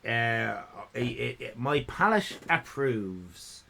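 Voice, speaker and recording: A man's voice: medium pitch, expressive, takes it slowly, creaky, heavy background noise. A man hosting a live stream in casual chat, rambling, laughing and thanking viewers. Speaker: livestream host.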